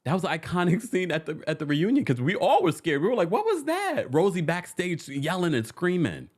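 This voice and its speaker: This reality TV recap host talks fairly quickly in a fairly high voice, keeping things casual. He's lively, acting out quotes, talking with viewers, and reading their comments aloud.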